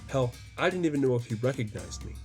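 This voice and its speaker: A man's voice: mid-range voice, lively intonation, fast, darkish tone, faint music behind. A man reading his own story aloud as audiobook narration, with mild voices for the quoted lines.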